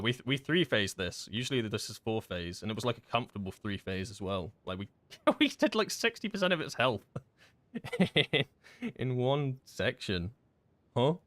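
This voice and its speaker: A man streaming a game in casual chat, rambling and chatty with many fillers and quick laughs. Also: mid-range voice, a bit bright, no echo. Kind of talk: casual live-stream chat while gaming.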